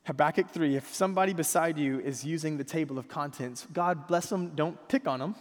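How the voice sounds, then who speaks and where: A man's voice: sits high, brisk, few pauses. A man pastor preaching a conversational sermon, drawing the congregation into responses and reading scripture aloud with them. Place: church sanctuary. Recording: long hall reverb.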